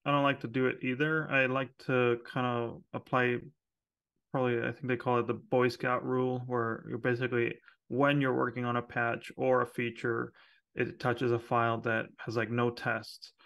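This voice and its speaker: A man co-hosting a podcast, talking shop in a relaxed, chatty way with lots of fillers and quick laughs. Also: mid-range voice, creaky. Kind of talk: casual technical chat.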